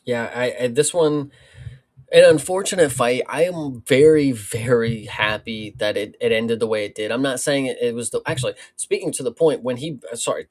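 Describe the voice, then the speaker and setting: A man's voice: medium pitch, a little mellow. Fired-up swearing male co-host. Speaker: podcast co-host. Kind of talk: casual fight review chat.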